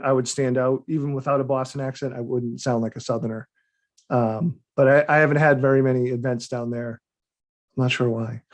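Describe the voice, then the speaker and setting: A man, a guest author, talking casually on a video call, rambling with restarts and small laughs. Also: mid-range voice. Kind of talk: casual interview chat.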